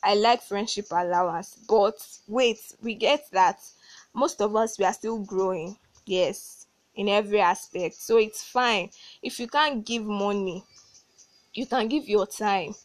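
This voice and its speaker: A woman's voice: mid-range voice, a little slow, dry recording. A young woman hosting a solo advice podcast, talking emphatically and repeating words for stress. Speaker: podcast host.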